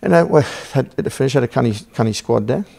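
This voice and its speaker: Geordie man, guest on a podcast, gravelly voice, rambling, profane storyteller who quotes both sides of a row. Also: mid-range voice, lively intonation, fast, warm tone. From Newcastle, England. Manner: rambling, swearing, acts out dialogue. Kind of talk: casual storytelling.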